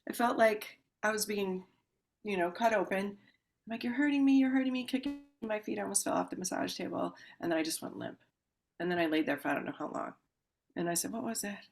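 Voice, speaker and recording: Animated woman telling a vivid story. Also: medium pitch, fairly quick, creaky. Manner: animated, acts out quoted voices with sudden loud exclamations; calm explaining voice when describing the ritual. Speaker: podcast guest, healer. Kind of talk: casual storytelling interview.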